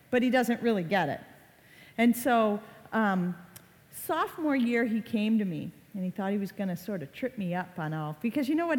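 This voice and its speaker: In a reverberant hall, a woman in her forties speaks to a live audience about online reputation. Her voice sits on the high side and is slightly mellow, and she tells stories in a chatty way, acting out quotes.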